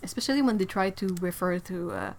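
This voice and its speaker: A woman from Quebec, chatting casually on a livestream and answering viewers, playful and quick to laugh. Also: fairly low pitch, huge pitch swings, gravelly, slight background noise. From Quebec, Canada. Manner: chatty and playful, with frequent laughs and self-corrections. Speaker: artist livestreaming.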